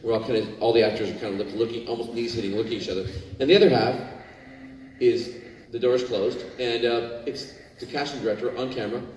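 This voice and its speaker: A man's voice: mid-range voice, fast. A man born in Scotland, a guest actor telling rambling stories to fans at a convention panel on a handheld mic. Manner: rambling, animated, with many fillers and restarts. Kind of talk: anecdotal storytelling to a fan audience. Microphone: handheld microphone. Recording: echoey hall, distant mic, faint room noise.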